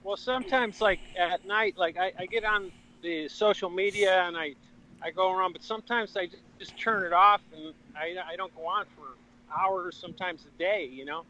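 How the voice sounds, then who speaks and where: A man calls into a podcast on his phone while walking outside. His high, bright voice rambles along in a laid-back way. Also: moderate pace, rough recording. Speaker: guest calling in by phone video. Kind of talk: casual chat. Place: walking outdoors on a street.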